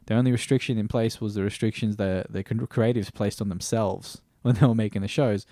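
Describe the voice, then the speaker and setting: Talking fairly quickly, an Australian man gives a stream-of-consciousness TV series review, peppered with casual swearing and restarted sentences. His fairly low, warm voice keeps a fairly even intonation, and the studio sound is clean with no room sound.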